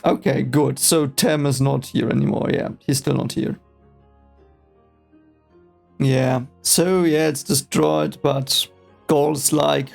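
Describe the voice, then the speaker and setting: Reading a book aloud for the first time, a native German speaker reacts casually with rambling, hesitant, exasperated remarks. His medium-pitched voice is steady, creaky, and darkish; he goes slowly and pauses often, with faint music behind him.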